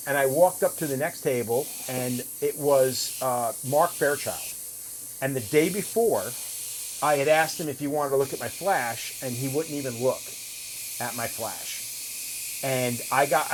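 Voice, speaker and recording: A middle-aged man hosting a casual chat, telling stories in a profane, animated way and acting out what people said. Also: medium pitch, normal speed, slight background noise, low-quality recording. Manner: profane, animated storyteller acting out quoted lines. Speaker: host, tattoo artist.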